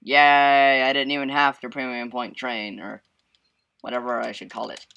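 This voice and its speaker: Excitable bright-voiced guy gaming. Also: medium pitch, moderate pace, gravelly. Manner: excitable, bursts into yelps and laughs, hums to himself. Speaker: let's play gamer. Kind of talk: casual gameplay commentary.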